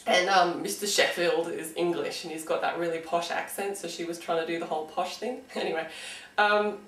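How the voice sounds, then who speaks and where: A woman's voice: lowish voice, fairly even intonation, a little fast, a bit bright, roomy sound, recorded from a distance, poor audio. An Australian woman giving a casual singing lesson, chatty and encouraging, with frequent "um"s. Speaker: singing teacher.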